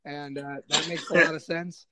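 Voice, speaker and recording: A man's voice: on the high side, level tone, normal speed, sharp tone. A man, a military veteran, tells his story in a casual, self-deprecating way with lots of fillers. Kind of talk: conversational storytelling.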